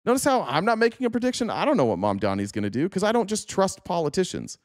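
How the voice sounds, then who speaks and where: A man's voice: high-pitched, fast, no room sound. Guy ranting on his livestream, sarcastic and swearing a lot, dry close mic sound. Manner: animated, sarcastic, profane. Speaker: livestream political commentator. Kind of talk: casual livestream commentary reacting to clips.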